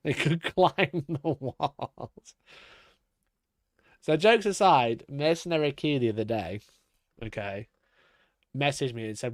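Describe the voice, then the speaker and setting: A man's voice: mid-range voice, slow, pauses often, dry recording, clean studio sound. A young man chatting casually on a live stream, swearing freely, laughing often and talking to his cat between comments.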